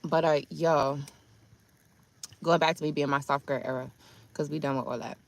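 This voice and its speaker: Woman, thirties, livestreamer, slangy storytelling, lowish pitch. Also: fairly even intonation, moderate pace, vocal fry. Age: 30s. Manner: chatty, slangy storytelling to chat. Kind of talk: casual livestream chat.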